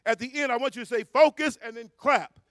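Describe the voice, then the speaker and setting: A man giving a motivational speech to a crowd at a live event, playful and slangy, shouting and counting off the audience. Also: very high voice, fairly even intonation, quick pace, no room sound, clean studio sound. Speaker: motivational speaker at a youth conference. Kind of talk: motivational speech with call-and-response. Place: hotel ballroom at a live event.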